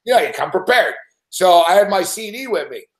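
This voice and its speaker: A man's voice: sits high, big pitch swings, moderate pace. A middle-aged man telling a long anecdote in casual chat, rambling and swearing constantly. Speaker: sports betting show regular. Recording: roomy echo.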